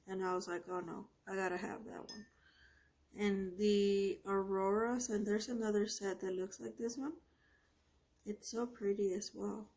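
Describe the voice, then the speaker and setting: A woman talks slowly and unhurriedly as she swatches paints at her art desk. She gushes over each color and often breaks off mid-sentence. Her tone is casual and chatty, like a host talking straight to her viewers. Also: mid-range voice, a little mellow. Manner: gushing, effusive, often trails off mid-sentence. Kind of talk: casual product review while swatching.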